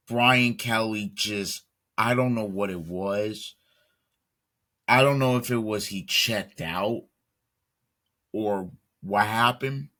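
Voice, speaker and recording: A man's voice: lowish voice, pushed and bright. A man hosting a solo sports commentary show, talking emphatically, repeating himself and restarting sentences as he builds his point. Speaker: sports talk host.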